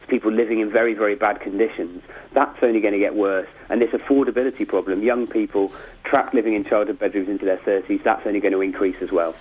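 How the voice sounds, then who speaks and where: A man's voice: lowish voice, steady tone, fast talker, hardly any pauses, breathy edge. A man speaking as a charity spokesperson in a radio interview, earnest and to the point. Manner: earnest, briefing-style. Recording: tinny phone line.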